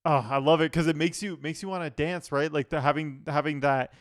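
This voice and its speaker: A man's voice: a little high, steady tone, fairly quick, dry recording. Man, music producer, casual reaction commentary, eager and analytical, resonant tone, dead-dry sound. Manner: enthusiastic, analytical, with frequent "like" fillers.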